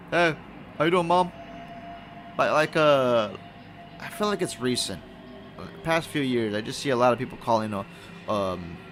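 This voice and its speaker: A man's voice: mid-range voice, fairly bright tone. A man hosting a solo podcast alone in a room, rambling and swearing, with many fillers and restarts. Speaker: podcast host. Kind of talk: casual solo podcast rant.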